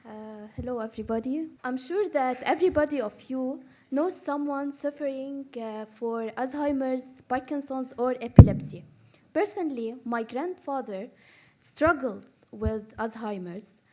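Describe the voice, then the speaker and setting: A woman giving a short research presentation, hesitant, with frequent pauses and fillers. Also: high voice, mellow. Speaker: student presenter.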